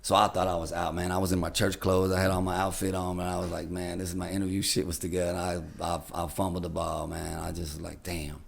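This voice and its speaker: Radio DJ man, podcast guest; low creaky voice, quick delivery, plays out every character in his anecdotes. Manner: animated, acts out the people in his stories. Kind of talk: casual storytelling.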